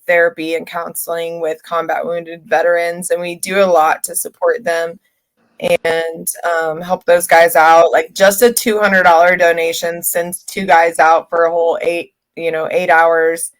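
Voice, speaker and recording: A woman hosting an internet radio talk show, speaking casually with many halting fillers and restarts. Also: fairly low pitch, flat delivery. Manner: halting, filler-heavy speech.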